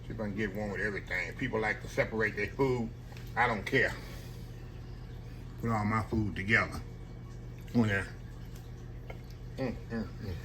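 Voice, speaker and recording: A man's voice: fairly low pitch, normal speed, long pauses, background noise. A man hosting a cooking vlog from his home kitchen, folksy and chatty, savoring each bite aloud. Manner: folksy, says y'all often, savoring aloud. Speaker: cooking channel host. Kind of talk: casual eating vlog. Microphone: camera on a tripod.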